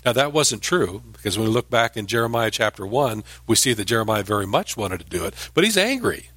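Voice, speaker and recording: A man's voice: lowish voice, very animated, fairly quick, fairly bright tone, no room sound. A man teaching scripture, dry close sound. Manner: explanatory, with restarts and emphatic rises. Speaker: Bible teacher. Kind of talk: verse-by-verse Bible teaching.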